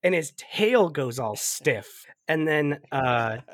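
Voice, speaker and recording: A man on a podcast recapping a movie in casual chat, telling it with lively energy, laughing often and swearing freely. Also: fairly high pitch, slow, no echo, studio quality.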